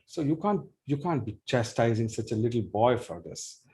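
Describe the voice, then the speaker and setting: A male narrator plays a humble wandering holy man in a storybook tale. He speaks softly and calmly, close to the narrator's own voice. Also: mid-range voice, normal speed, close to an everyday voice. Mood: gentle.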